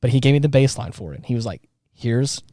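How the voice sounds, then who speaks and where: A man co-hosts a casual podcast chat and rambles through his thoughts with many false starts. His voice is mid-pitched and mellow. The recording is dry and close to the mic. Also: expressive, fast, no room sound. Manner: rambling, lots of fillers and restarts. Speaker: podcast co-host.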